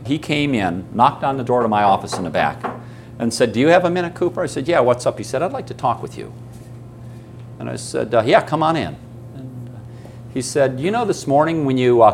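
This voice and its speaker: A man's voice: medium pitch, lively intonation, moderate pace, a little hiss or hum. A man giving a live coaching seminar, who keeps asking the room questions and acts out little stories. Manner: emphatic, asks the audience questions and acts out stories. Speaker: business coaching speaker. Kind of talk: live seminar talk to an audience.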